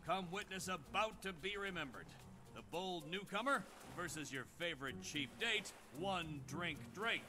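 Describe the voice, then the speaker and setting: A man's voice: sits high, expressive, normal speed, music in the background. An actor voicing a showy male pirate who announces a tavern drinking contest in a video game. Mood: announcing.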